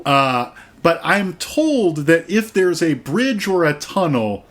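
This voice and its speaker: A man co-hosting a podcast, dropping dry jokes in a slow, unhurried way. His pitch still moves around expressively. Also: very animated, fairly bright tone. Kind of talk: casual podcast chat.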